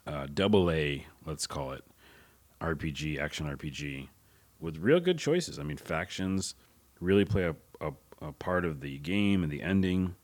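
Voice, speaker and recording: Deep-voiced young man, solo podcast host, loose and rambling, casual swearing, conversational delivery. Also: animated, moderate pace. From United States.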